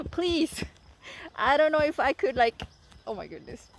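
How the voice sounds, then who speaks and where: A woman chatting excitedly and giggling while riding her horse outdoors, holding the camera. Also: sits high, measured pace. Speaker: riding coach vlogger. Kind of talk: casual vlog. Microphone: handheld camera.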